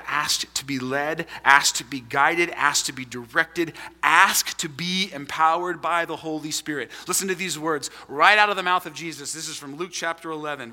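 A man preaching a sermon to a congregation in a large room, animated and emphatic. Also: fairly high pitch, long reverb tail. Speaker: pastor.

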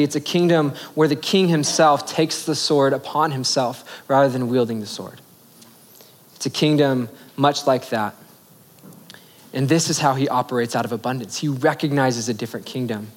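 Young guy preaching, chatty and slangy, voice sits a bit high. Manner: casual, conversational preaching with slang and acted asides. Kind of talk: sermon.

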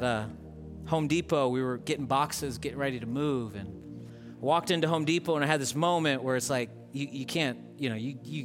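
A man preaching a sermon as a pastor, talking casually and building to impassioned emphasis. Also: mid-range voice. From Southern California.

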